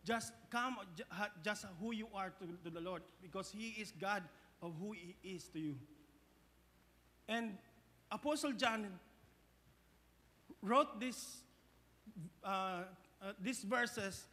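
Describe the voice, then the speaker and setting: A man's voice: high-pitched, takes it slowly, pauses often, sharp tone, long reverb tail. A man with a Filipino accent preaching a sermon, mixing English and Tagalog, often restarting phrases and asking the congregation "Amen?". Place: church hall.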